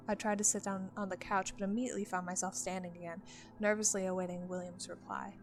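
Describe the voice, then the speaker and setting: A woman narrating a first-person tale in a steady, measured reading voice. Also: mid-range voice, soft background music. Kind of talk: storytelling narration.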